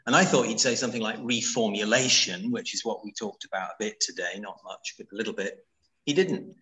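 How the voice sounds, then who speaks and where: A man's voice: fairly low pitch, brisk, pushed and bright, poor audio. A man presenting a coaching workshop, answering questions conversationally on a video call, with anecdotes and rhetorical questions. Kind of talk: webinar Q&A answers.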